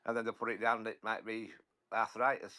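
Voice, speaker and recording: A man chatting about football on a podcast, often halting and repeating words as he talks. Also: lowish voice, flat delivery, bright, forceful tone. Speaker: podcast regular, football fan. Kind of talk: casual football chat.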